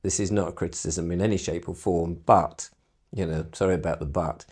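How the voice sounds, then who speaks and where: Lively British man telling a story. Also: sits low, brisk, husky. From Britain. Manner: animated storyteller, laughs often, acts out quotes. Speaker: broadcaster being painted. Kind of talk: casual chat.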